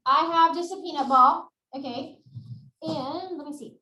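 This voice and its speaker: A woman leads a webinar from home, animated as she acts out routines for her audience. Her voice sits high and sounds bright. The webcam picks up a roomy, echoey space. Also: measured pace. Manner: animated, demonstrating routines aloud. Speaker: workshop presenter. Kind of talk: webinar teaching demonstration.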